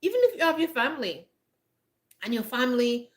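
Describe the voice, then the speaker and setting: Her high, sing-song voice runs a little fast. She's a homestead vlogger giving direct-to-camera advice in the countryside, blunt and emphatic, often laughing, with a frog in her throat.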